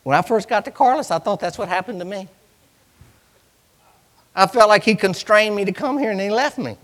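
A man preaching a sermon in a church, swinging from loud cries to hushed lines. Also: high-pitched, moderate pace, in a large hall.

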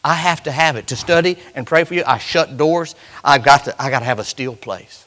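A man preaching a sermon, swinging between loud, fervent lines and hushed, drawn-out ones, with folksy Southern phrasing. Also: mid-range voice.

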